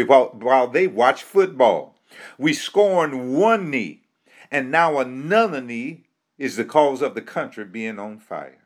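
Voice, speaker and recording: An American man giving an impassioned, sermon-like speech. He builds it on a repeated refrain and rhetorical questions. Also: medium pitch. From United States.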